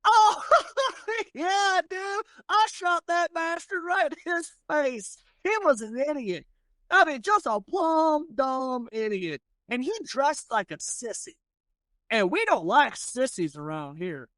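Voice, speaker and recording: A man's voice: very high voice, animated, takes it slowly, fairly bright tone, dry recording, clean studio sound, pitched above the performer's own voice, heavily acted. A man voicing a boastful, bullying outlaw gunslinger who keeps taunting an old man, in a tabletop game. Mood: gloating.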